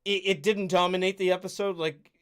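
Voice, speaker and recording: Higher-pitched man chiming in wryly. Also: fairly even intonation, fairly quick, a bit bright, smooth. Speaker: podcast co-host. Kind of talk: casual chat.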